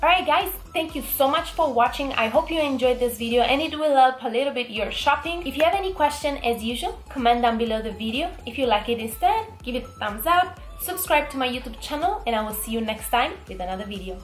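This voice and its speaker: A woman's voice: high-pitched, lively intonation, brisk, hardly any pauses, reverberant, faint music behind. Chatty Italian-accented woman vlogger. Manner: chatty, enthusiastic, frequent ums. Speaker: beauty vlogger. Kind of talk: casual makeup product talk.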